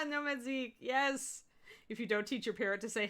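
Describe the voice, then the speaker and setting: A woman's voice: high-pitched, expressive, unhurried, pushed and bright. A middle-aged woman giving a live miniature painting demo, chatting and laughing with her viewers as she works. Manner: chatty, rambling, laughs often.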